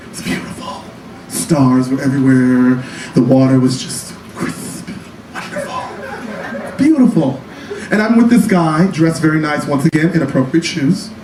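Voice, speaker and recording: Flamboyant high-voiced man in a live club. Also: echoey room, distant mic, noisy background. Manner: flamboyant, sassy, calls the audience child and honey. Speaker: comedian performing a one-man show. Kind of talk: live stand-up storytelling. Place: small cabaret club with an audience. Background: audience laughter.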